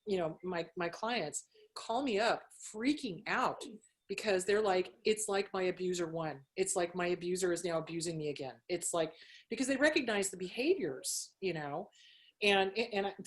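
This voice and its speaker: A woman's voice: fairly low pitch, lively intonation, moderate pace. A middle-aged woman therapist, a guest on a podcast, talking frankly and animatedly, swearing freely and laughing often. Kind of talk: candid interview chat.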